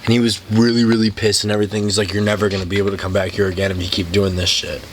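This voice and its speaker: A man's voice: on the low side, little pitch movement, racing, background noise. A man co-hosting a podcast, casually chiming in to add to a friend's story. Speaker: podcast co-host. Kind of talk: casual chat.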